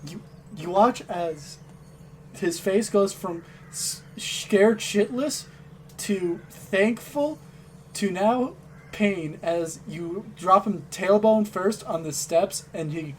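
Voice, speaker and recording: A game master narrates a tabletop role-playing game in a casual manner, often repeating words. His voice is high-pitched and slow, with faint background noise in the recording.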